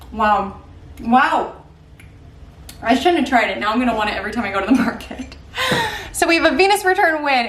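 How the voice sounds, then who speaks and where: A woman chatting in a casual vlog, bubbly and gushing. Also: on the high side. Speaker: astrology vlogger.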